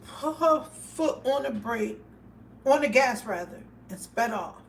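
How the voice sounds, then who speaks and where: A woman on a phone livestream speaks to her viewers in an emphatic, storytelling way. Her voice sits fairly high and sounds a little distant from the mic. A faint hum of background noise runs under her talk. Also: lively intonation, takes it slowly. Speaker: livestream host.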